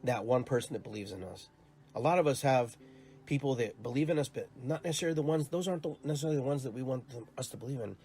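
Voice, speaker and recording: A man's voice: medium pitch, fast talker, warm tone, faint music behind. A man hosting his own show, talking in an earnest, rambling monologue with many repeated words. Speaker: podcast host and youth soccer coach. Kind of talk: casual reflective monologue.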